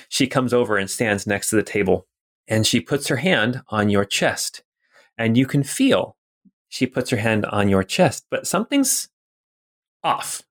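A man's voice: lowish voice, big pitch swings, unhurried. A man running a tabletop role-playing game, describing scenes with small hesitations. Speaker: game master.

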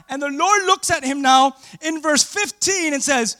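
A man preaching a sermon, calling out to the congregation for responses and swinging between loud exclamations and hushed asides. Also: extremely high pitch, normal speed, hardly any pauses. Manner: animated, asks the congregation for responses.

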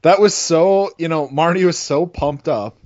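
A man co-hosting a podcast in casual chat, talking eagerly with quick asides. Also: fairly high pitch, darkish tone, dry recording, dull audio. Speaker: podcast co-host. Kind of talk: casual sports-radio chat.

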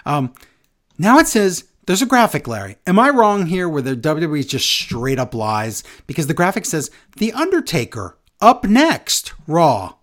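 Man, fairly high voice, sarcastic co-host ranting about wrestling, exasperated. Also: sing-song, moderate pace, fairly bright tone. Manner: sarcastic, exasperated, mocking impressions. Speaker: podcast co-host. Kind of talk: casual wrestling chat.

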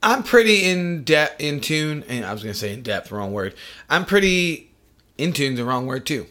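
A man's voice: a little high, very animated, normal speed, bright, forceful tone. A man hosting a podcast in casual chat, joking and swearing, laughing often. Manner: profane, jokey, laughs often. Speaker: podcast host.

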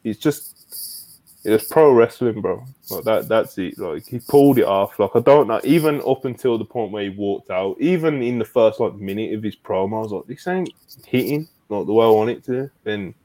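Here a wrestling podcast co-host speaks on the low side at a moderate pace. His casual review chat is animated, heavy on slang and swearing, with "bro" coming up often.

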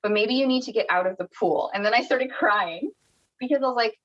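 A woman's voice: on the high side, a little fast, muffled recording. A woman from Canada, a podcast guest telling a personal story in a casual, chatty way, with many restarts and quoted dialogue.

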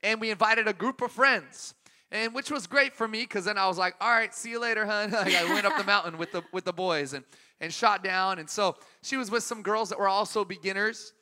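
A man in his thirties preaching a sermon, telling an anecdote in a relaxed way and laughing at his own story. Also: high voice, fairly quick, big-room sound.

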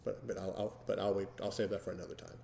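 A man hosting a podcast in casual chat, talking slowly and deliberately with many fillers. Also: low-pitched, level tone, vocal fry, dark tone, slight background noise. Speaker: podcast host. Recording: echoey room with long reverb.

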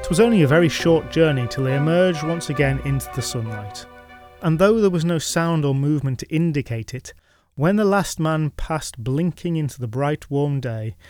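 A man's voice: on the high side, darkish tone, no echo, clean studio sound. A man narrating a medieval legend in a wry, conversational way, adding his own asides. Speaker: storyteller.

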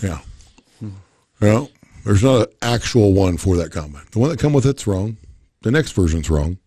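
A man's voice: lowish voice, lively intonation, moderate pace, warm tone, breathy edge, no room sound. A man co-hosting a podcast in casual chat, blunt and profane, rambling as he makes his point. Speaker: podcast co-host.

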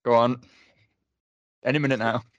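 A man co-hosting a casual review chat, agreeable and quick with short affirmations. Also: medium pitch, fairly even intonation, a bit bright, dry recording, dull audio. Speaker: podcast co-host.

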